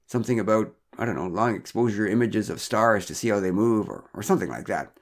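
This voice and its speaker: A man's voice: on the low side, quick pace, natural voice. A man voicing a flustered middle-aged father who stammers and protests too much in a storybook reading.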